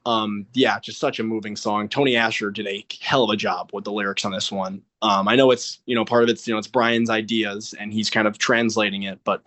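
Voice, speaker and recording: A man's voice: fairly low pitch, steady tone, brisk, hardly any pauses, fairly bright tone. An earnest young man co-hosting a podcast in casual chat. He gushes with enthusiasm and fills his sentences with ums and you-knows. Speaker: podcast co-host.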